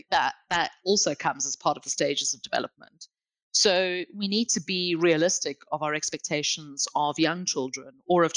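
A woman, a guest expert, explaining calmly and clearly on a podcast. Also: sits low, no echo.

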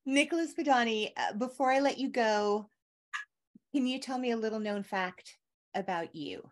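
A woman's voice: a little high, normal speed. Playful woman podcast host. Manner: playful, teasing. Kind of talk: casual interview chat.

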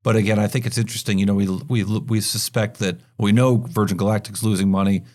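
A man hosting a business news podcast, talking through market stories in a conversational way with quick asides and frequent restarts. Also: fairly low pitch, steady tone, darkish tone. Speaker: podcast host.

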